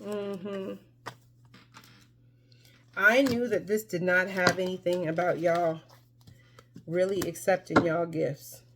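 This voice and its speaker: A woman's voice: on the low side, fairly even intonation, takes it slowly, long pauses, background noise. A woman giving a casual tarot reading to her viewers, chatty and emphatic, with many fillers and restarts. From Mexico. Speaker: tarot reader.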